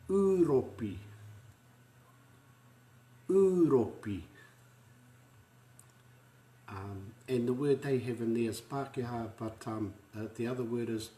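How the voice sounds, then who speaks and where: A man with a New Zealand accent leads an unhurried online language lesson. He says each word slowly and clearly, repeating it so learners can follow. His voice rings in an echoey room. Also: mid-range voice, dark tone. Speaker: language teacher.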